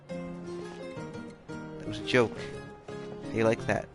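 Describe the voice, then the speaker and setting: Gravelly-voiced man, goofy hushed late-night game chatter, game music underneath. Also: medium pitch, normal speed. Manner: rambling, goofy, playfully self-mocking. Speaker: game streamer.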